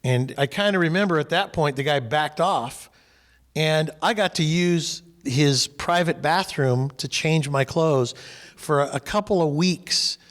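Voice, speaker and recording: A man from California leads a faith discussion group and tells a story from his own life. His voice sits a little high, and he gives each person in the story their own voice. The sound carries a long, hall-like reverb. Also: measured pace. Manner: animated, acts out quoted people.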